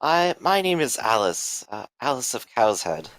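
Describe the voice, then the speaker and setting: A man's voice: mid-range voice, big pitch swings, fairly bright tone, poor audio. A man voicing a humble, shy young village woman who stammers and halts. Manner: halting, stammering.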